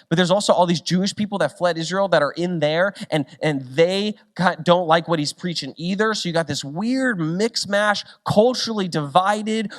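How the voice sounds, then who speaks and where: A young man preaching a sermon, telling a story with quick shifts between loud and hushed delivery. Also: sits high. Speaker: pastor.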